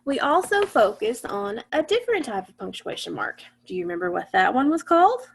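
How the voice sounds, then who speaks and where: Gravelly-voiced woman teaching phonics. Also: on the high side, sing-song, brisk. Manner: patient, asks the class questions and answers them. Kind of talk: online phonics lesson.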